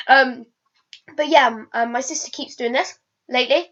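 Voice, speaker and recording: A woman's voice: high voice, measured pace, long pauses, fairly bright tone. A woman vlogging in a casual, rambling way, hesitating and restarting sentences with lots of fillers. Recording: dull lo-fi recording.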